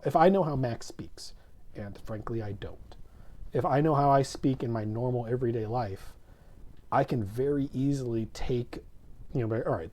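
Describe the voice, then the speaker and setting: A man's voice: mid-range voice, warm tone. A man co-hosting a casual tabletop gaming chat, rambling and correcting himself mid-sentence with many false starts. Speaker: co-host. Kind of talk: casual podcast chat about tabletop role-playing.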